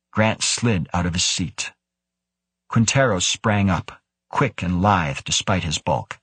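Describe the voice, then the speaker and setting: The recording has no room sound and features a husky male narrator with a low voice reading an audiobook script, his storytelling calm and measured.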